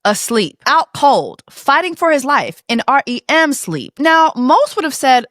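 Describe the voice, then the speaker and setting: A woman's voice: high-pitched, very animated, unhurried, a bit bright, no room sound, clean studio sound. A woman hosting a playful, sassy commentary show about viral stories, sometimes slipping into a mock news-anchor voice. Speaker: host.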